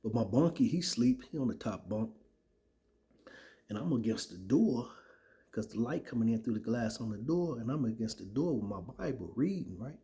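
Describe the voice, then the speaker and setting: Man with a dark, mellow voice. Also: medium pitch, expressive, moderate pace. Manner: conversational, repeats "right?" and "man". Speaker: former soldier sharing his testimony. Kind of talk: casual spoken testimony.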